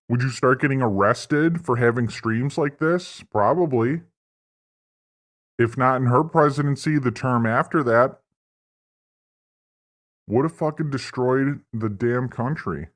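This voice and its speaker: A man hosting a livestream, delivering a profane, rambling, mock-earnest political rant. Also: mid-range voice. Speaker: livestream host. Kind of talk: satirical political stream rant.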